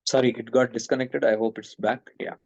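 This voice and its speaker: A middle-aged man with an Indian accent gives a spiritual talk to an online audience. He tells stories in a lively way, acts out the voices of his friends, and slips Hindi into his English. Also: medium pitch, fairly quick, vocal fry, no room sound, dull audio. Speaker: spiritual teacher.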